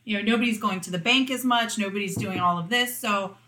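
A woman's voice: mid-range voice, fairly quick, pushed and bright. A woman co-hosting a podcast in casual chat, blunt and teasing, swearing freely. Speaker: podcast co-host.

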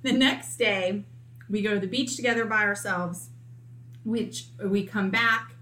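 Bright-voiced woman telling a candid story. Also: medium pitch, measured pace, slight background noise. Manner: candid, animated, acts out quotes. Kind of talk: casual storytelling chat.

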